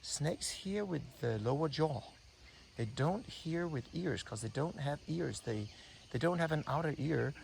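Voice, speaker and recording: Man with a gravelly voice, filming outdoors. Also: on the high side, animated, unhurried. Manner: hushed, wondering, thinking aloud with restarts. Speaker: breathing coach filming wildlife. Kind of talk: unscripted nature commentary while filming. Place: outdoors on a morning walk near a temple. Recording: outdoor insect and bird noise. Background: insects and birds.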